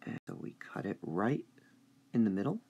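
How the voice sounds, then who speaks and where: A man teaching a high school English review lesson, speaking slowly and deliberately and drawing out stressed syllables. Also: wildly swooping pitch, warm tone, husky, highs cut off.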